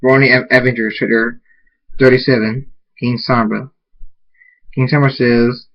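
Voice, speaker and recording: A man's voice: mid-range voice, little pitch movement, measured pace, long pauses. A man reading a story aloud, stumbling and restarting often. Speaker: reader of fan fiction. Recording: muffled lo-fi recording.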